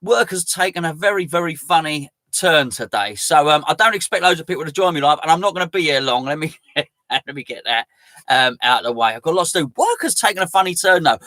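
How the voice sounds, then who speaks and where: A man's voice: on the high side, lively intonation, fairly quick, bright, forceful tone, dry recording. A man hosting a live fan stream, talking casually in a chatty, rambling way. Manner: chatty, rambling, self-mocking. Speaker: fan channel host.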